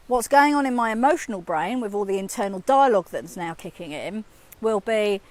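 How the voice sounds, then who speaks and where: A woman's voice: a little high, expressive, fairly quick. A woman in her fifties, a communication coach, talking casually to camera and acting out her own inner voice. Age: 50s.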